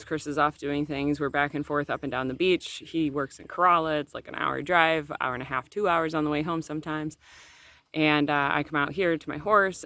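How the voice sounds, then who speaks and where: A woman's voice: sits low, a bit bright, dry recording. Earnest woman telling a personal story. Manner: earnest, emotional, conversational with fillers. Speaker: channel host.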